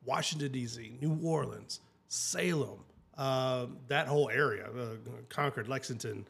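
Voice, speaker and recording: A man's voice: medium pitch, measured pace, vocal fry, fairly bright tone, breathy edge. Enthusiastic man hosting a travel chat. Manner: enthusiastic, chatty, many fillers and restarts. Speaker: travel show host.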